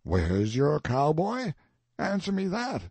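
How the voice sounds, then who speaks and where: A man's voice: on the high side, wildly swooping pitch, slow, darkish tone, slightly rough, dry recording, voice pushed up, exaggerated voice. A man reading the part of a grandiose, eccentric old colonel in an audiobook, declaiming solemnly and pompously. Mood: grandiloquent.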